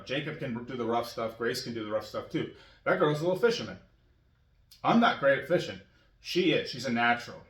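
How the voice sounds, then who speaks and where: A man's voice: medium pitch, fairly bright tone, roomy sound, recorded from a distance. A middle-aged man rambling casually about fatherhood, filling his talk with "you know" and chuckling often. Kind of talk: casual monologue.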